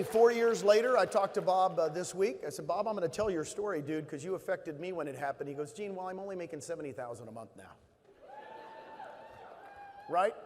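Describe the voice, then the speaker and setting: A man's voice: fairly high pitch, darkish tone. A middle-aged man giving a motivational stage talk, telling stories with emphasis and repeating key phrases. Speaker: conference speaker. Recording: hall reverb.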